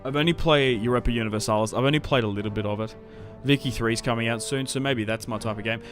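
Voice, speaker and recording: A man's voice: medium pitch, quick pace. An easygoing young Australian man who chats to his viewers in a loose, rambling way, full of "um"s and restarts. His voice sits in an ordinary middle range for a man, and faint music plays under him. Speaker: streamer. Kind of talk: casual livestream chat while playing a strategy game.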